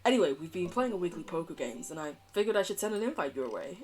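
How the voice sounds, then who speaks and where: A woman's voice: fairly low pitch, expressive, a little fast, fairly bright tone. A woman streamer, reading a dating game aloud, giggling often, swearing and trying out voices for the characters.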